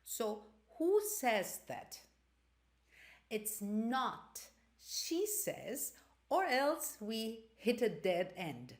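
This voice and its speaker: A woman's voice: a little high, sing-song, very slow. A woman teaching a language lesson, explaining carefully and repeating example sentences. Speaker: Greek teacher.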